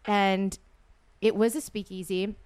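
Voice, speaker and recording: Woman, podcast co-host, medium pitch, casual storytelling, animated, acts out quotes. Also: measured pace, clear, resonant tone.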